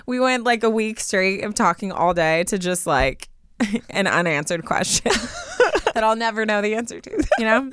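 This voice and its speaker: Young woman, podcast co-host, casual advice chat, lots of fillers, very clear voice, dry sound. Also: mid-range voice, very animated, normal speed, a bit bright, dry recording. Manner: chatty, full of "like" fillers.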